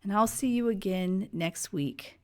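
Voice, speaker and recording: A woman, hoarse and losing her voice, giving her opinions in a casual, chatty vlog. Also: mid-range voice, unhurried, darkish tone. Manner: chatty, opinionated, faith-focused. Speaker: vlog host.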